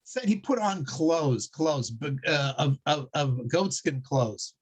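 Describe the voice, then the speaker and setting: A man teaching a Torah class, telling stories in a halting way with many restarts and frequent chuckles. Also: fairly high pitch, lively intonation, husky. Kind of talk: religious class with storytelling.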